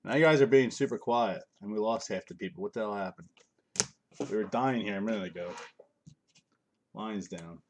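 A middle-aged card-break host talks at normal speed in a lowish voice, leaving long pauses. He reads cards aloud and jokes offhandedly with his live-stream viewers. Slight background noise can be heard.

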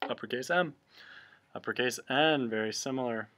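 A man's voice: medium pitch, moderate pace, sharp tone. A man teaching a remote cursive handwriting lesson, explaining each stroke patiently, step by step.

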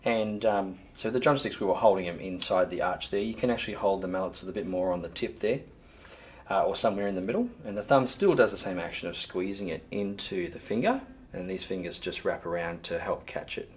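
A man with a low voice teaches percussion in a recorded lesson, speaking fairly quickly. He counts in before loudly calling sticking patterns over the drums, then explains the technique calmly and patiently.

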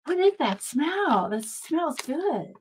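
A woman gushes over a craft unboxing during a casual live stream at home. She talks at an unhurried, slow pace. She keeps calling out to her viewers as she goes. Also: high voice, a little hiss or hum. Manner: gushing, excitable, talks to viewers as y'all. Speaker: craft channel host.

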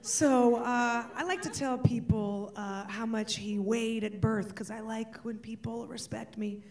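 A woman performing a stand-up comedy set, breaking into shouts and laughter. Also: a little high, fairly even intonation, a little slow, recorded from a distance. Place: stage before an audience.

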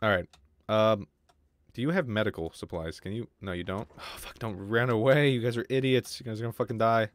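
A man streaming a game live, with casual, excitable commentary, lots of swearing and remarks aimed at his chat. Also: on the low side, a little fast. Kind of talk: casual livestream gaming commentary.

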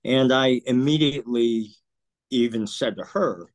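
A man in his sixties telling a personal story in an interview, earnest and emotional, often clearing his throat. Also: medium pitch. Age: 60s. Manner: earnest, emotional, halting with restarts. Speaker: interview guest.

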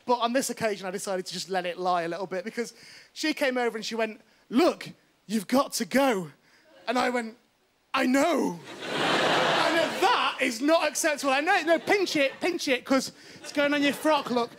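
A male comedian with an extremely high-pitched voice tells a stand-up anecdote a little fast, acting out the voices of its characters. He performs before a live studio audience, and the TV studio recording carries crowd noise and loud laughter.

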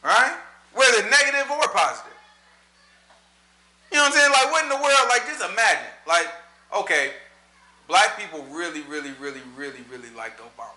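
Fast, animated male Bible teacher. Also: high-pitched, reverberant. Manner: animated, slangy, repeats "you know what I'm saying". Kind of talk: casual Bible study commentary.

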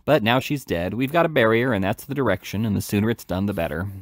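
A man voicing a pompous, stout parish beadle who blusters with loud indignation, in a storybook reading. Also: lowish voice, expressive, quick pace, no room sound, close to an everyday voice. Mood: indignant.

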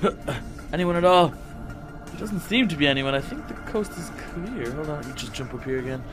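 A man plays a nervous young shark hero in a Minecraft role-play, with a high, boyish voice that keeps rambling and stammering. Soft music hums behind him. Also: expressive, fairly quick, lightly acted. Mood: nervous, cautious. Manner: panicky, rambling, yelps and stammers when scared. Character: anxious, talkative young male shark hero.

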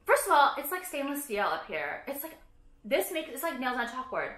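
A woman's voice: high-pitched, big pitch swings, normal speed, fairly bright tone, roomy sound. A woman vlogging casually, ranting about products with heavy swearing, sarcasm and lots of "like". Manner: profane, sarcastic, frequent "like".

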